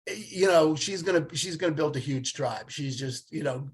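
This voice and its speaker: A man's voice: fairly high pitch, normal speed, slightly rough. A man in his late fifties talking in a casual podcast conversation, telling stories animatedly and acting out the voices of people he quotes. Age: 50s.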